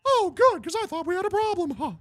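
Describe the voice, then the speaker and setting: A man putting on a squeaky cartoon mouse voice, playing a small male cartoon character who bullies people with high, mock-sweet threats. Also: big pitch swings, fast talker, fairly bright tone, full character voice. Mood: mock-sweet menace.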